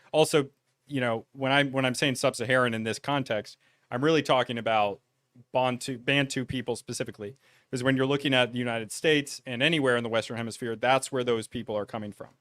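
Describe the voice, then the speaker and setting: A man's voice: mid-range voice, fairly bright tone, no echo, studio quality. A man giving casual reaction commentary on videos, thoughtful and conversational. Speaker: YouTube commentator.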